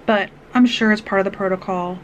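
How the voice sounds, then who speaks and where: A woman's voice: mid-range voice, fairly even intonation, brisk, a little hiss or hum, poor audio. Earnest woman vlogger telling a personal story. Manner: earnest, rambling retelling with restarts and asides.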